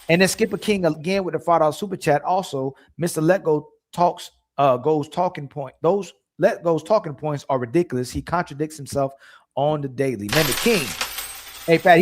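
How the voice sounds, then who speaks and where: A young man co-hosting a casual livestream, reading out donor messages and stumbling over names. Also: on the high side. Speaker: co-host reading super chats.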